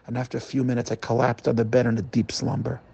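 A man's voice: medium pitch, flat delivery, fast talker, creaky, warm tone, husky, dry recording, voice pushed down. A man voicing a remorseful, middle-aged man who confesses his wrongdoing to a rabbi and pleads for forgiveness. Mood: ashamed. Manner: pleading, emotional.

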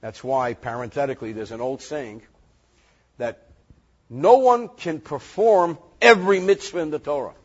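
Male rabbi, reading, lively joking lesson; raspy tone and a muffled, low-fi recording. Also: moderate pace. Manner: animated, joking, reads Hebrew verses then translates. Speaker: rabbi teaching Torah.

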